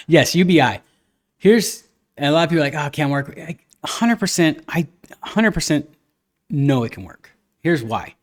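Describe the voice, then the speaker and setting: A man's voice: fairly high pitch, big pitch swings, normal speed, long pauses. A man hosting a casual podcast chat, telling stories animatedly and acting out the people he quotes. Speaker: podcast host.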